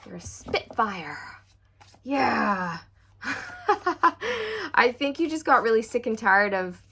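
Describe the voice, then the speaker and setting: A woman reading tarot for her viewers. She sounds excitable and encouraging, speaks straight to the viewer, and often breaks into squeals and laughter. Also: on the high side, normal speed, slight background noise. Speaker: tarot reader.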